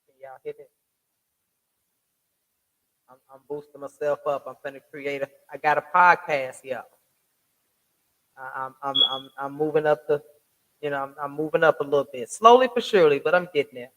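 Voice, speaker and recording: A man with a fairly high voice hosts a casual commentary vlog from a home desk mic. He rants in slangy, profane street talk, firing off rhetorical questions. He stumbles into frequent restarts as he talks. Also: brisk, a bit bright. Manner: emphatic, ranting rhetorical questions. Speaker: online commentary host. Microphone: home desk mic with soundboard.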